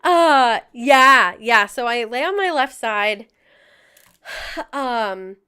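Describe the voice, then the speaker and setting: A woman's voice: a little high, expressive, drawn-out words, sharp tone, clear, resonant tone. Breathless, giggly young woman streamer. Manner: laughs often, chatty and self-mocking. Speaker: music streamer. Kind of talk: casual livestream chat with viewers.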